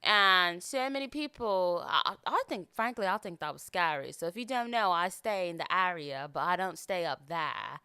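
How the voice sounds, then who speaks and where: A woman's voice: lowish voice, lively intonation, moderate pace, few pauses, bright, forceful tone, clean tone, no echo, clean studio sound. A young American woman hosting a solo podcast, chatting casually in a put-on British accent and rambling with lots of fillers. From United States. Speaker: podcast host.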